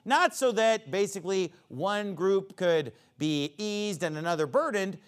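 A man preaching a sermon, reading Bible verses and explaining them in plain everyday talk. He climbs high and loud for emphasis, then drops low to explain. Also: a little slow, clear, resonant tone.

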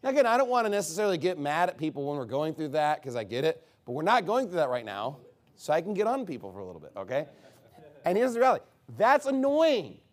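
A man preaching a sermon in a lively, sarcastic way, with a voice that sits somewhat high for a man. He throws rhetorical questions at the congregation and jabs at them with dry asides. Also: quick pace. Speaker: pastor.

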